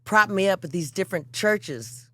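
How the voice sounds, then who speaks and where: A woman's voice: mid-range voice, normal speed, no room sound. A woman songwriter, a guest, telling stories in casual chat and swearing freely. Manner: animated, acts out quotes in voices, swears freely.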